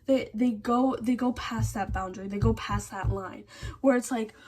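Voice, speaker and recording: A woman's voice: on the high side, moderate pace, darkish tone, breathy edge. A teenage girl venting to camera in a casual rant, blunt and exasperated, peppering her talk with "like". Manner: blunt, exasperated ranting with constant "like" fillers. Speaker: vlogger.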